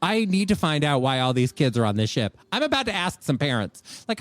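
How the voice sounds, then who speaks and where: A man's voice: a little high, sing-song, a little fast, few pauses, fairly bright tone, no room sound. A man co-hosting a live comedic podcast, ranting and acting out people in exaggerated voices. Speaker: podcast co-host.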